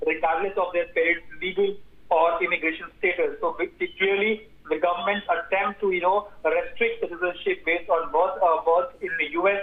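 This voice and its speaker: Man, news correspondent, halting, lots of fillers, phone-like audio, roomy echo. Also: high-pitched, steady tone. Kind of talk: live news report. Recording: tinny echoey phone line.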